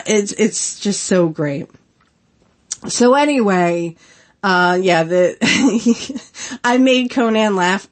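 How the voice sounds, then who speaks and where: A woman in her thirties hosting a podcast, chatting casually on her own with lots of giggles and filler words. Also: lowish voice. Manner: giggly, rambling, many fillers. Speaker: podcast host. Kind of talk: casual solo commentary.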